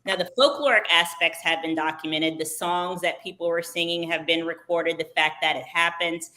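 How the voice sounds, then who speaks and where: Bright-voiced woman giving formal answers. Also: on the low side, steady tone. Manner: articulate, measured, formal. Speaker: executive director, guest essayist. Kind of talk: interview answer.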